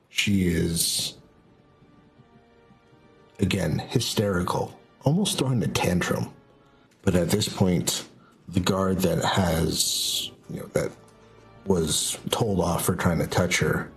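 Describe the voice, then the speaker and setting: A deep-voiced man narrating as game master, unhurried and vivid in his scene-setting. He often pauses and rephrases mid-sentence, with quiet music playing underneath. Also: slightly rough. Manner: slow, descriptive, hesitant restarts.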